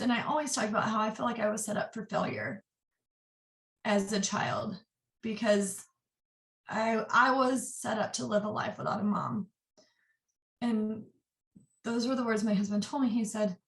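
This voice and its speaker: A woman in her twenties, an interview guest, sharing a personal story candidly and earnestly, in quick bursts. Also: a little high, fairly even intonation. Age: 20s. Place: office. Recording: roomy echo, distant mic.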